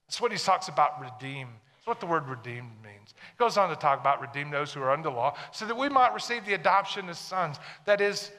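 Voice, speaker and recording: A man's voice: a little high, animated, fairly quick, few pauses, bright, forceful tone, in a large hall. A man preaching a sermon to a congregation, emphatic and full of questions to the listeners. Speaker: pastor.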